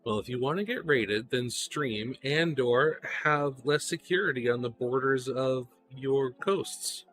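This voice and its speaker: A man teasing his friends with quick comebacks in casual voice-chat banter. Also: mid-range voice, fairly bright tone, soft background music. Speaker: model builder, streamer.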